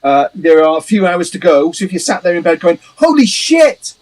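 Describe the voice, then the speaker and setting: A man's voice: fairly high pitch, steady tone, fast talker, darkish tone, poor audio. A man from a band, chatting casually on a livestream, rambling, laughing often and swearing a little. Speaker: band member hosting a livestream. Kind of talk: casual chat.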